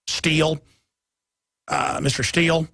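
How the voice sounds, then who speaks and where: A man hosting a radio talk show, delivering a heated, emphatic monologue that swings between loud and soft. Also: on the high side, level tone, takes it slowly, gravelly, no echo, studio quality. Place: radio studio.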